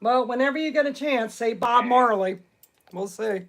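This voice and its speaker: A woman hosting a live stream, talking out loud to spirits and greeting her viewers. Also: a little high, moderate pace. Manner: excitable, talks out loud to spirits. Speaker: livestream ghost hunter.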